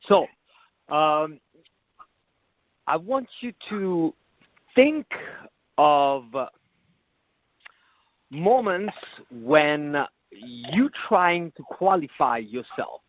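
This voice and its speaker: A man hosting a podcast, explaining ideas in a deliberate, measured teaching style with the occasional swear word. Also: fairly high pitch, dry recording, highs cut off. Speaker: podcast host and coach.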